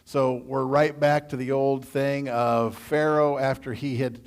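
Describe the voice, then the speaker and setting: A man with a Midwestern American accent leading a church Bible study, reading scripture and then adding animated, conversational asides. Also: medium pitch, unhurried.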